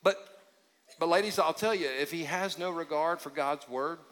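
A man preaches a sermon in a loose, joking way, his voice sitting a little high. He drops to a quiet hush to stress a point. The long reverb of a large church hall trails behind every word. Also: normal speed. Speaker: pastor.

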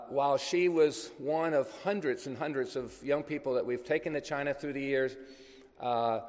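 A man with a fairly high voice tells a missionary story to a congregation. He talks loosely and conversationally, pausing as he goes. The sound rings with the long reverb of a large hall. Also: a little mellow. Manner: conversational, anecdotal, loose with pauses. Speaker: missionary speaker. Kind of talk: church talk telling a ministry story.

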